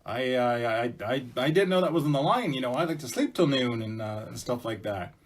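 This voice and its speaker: A man's voice: mid-range voice, expressive, brisk, lightly acted. A man voicing a sleepy, easygoing young male mouse who talks hesitantly with many fillers. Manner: hesitant, rambling, lots of fillers.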